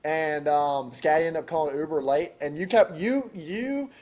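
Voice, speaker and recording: A man's voice: a little high, moderate pace, a little mellow. A young man guesting on a podcast, chatting in a laid-back, slangy way. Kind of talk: casual podcast chat.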